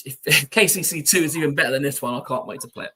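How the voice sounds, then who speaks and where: A man's voice: on the high side, rapid-fire, bright, forceful tone, a little hiss or hum. A man co-hosting a podcast, chatting casually and rambling with lots of "you know". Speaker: podcast co-host.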